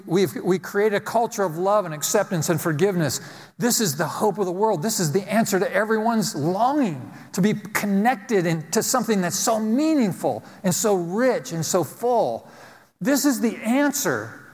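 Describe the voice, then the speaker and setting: A man delivers a sermon in an emphatic preaching style, hammering phrases home through repetition. His voice sits a little high for a man. The sound carries the long reverb of a large hall. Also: lively intonation, moderate pace. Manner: emphatic preaching with repeated phrases, ending in a quieter prayer. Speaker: pastor.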